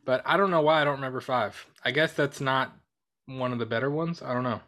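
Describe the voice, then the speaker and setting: A man co-hosting a casual movie podcast, animated and laughing often, sometimes breaking into loud impressions of film characters. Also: mid-range voice, fairly quick. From Italian heritage. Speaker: podcast co-host.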